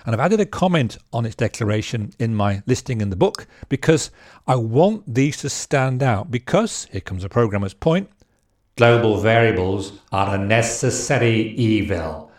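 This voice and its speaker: A man's voice: medium pitch, big pitch swings, moderate pace, darkish tone, no room sound, studio quality. A man casually teaching a programming lesson, chatty with joking asides and frequent ums and restarts. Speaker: programming instructor.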